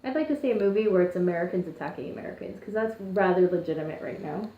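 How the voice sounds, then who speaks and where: A woman's voice: on the low side, lively intonation, fast. A Canadian woman co-hosting a podcast, chatting casually with sarcastic asides. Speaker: podcast co-host. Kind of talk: casual chat. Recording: roomy, dull lo-fi sound.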